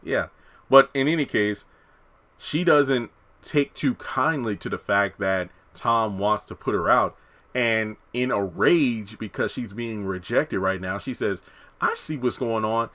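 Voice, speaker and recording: A man reviewing a TV episode in a casual, blunt and animated way, retelling the scenes as he goes. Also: on the low side, a little slow. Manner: animated, acts out characters' lines while retelling; blunt and opinionated.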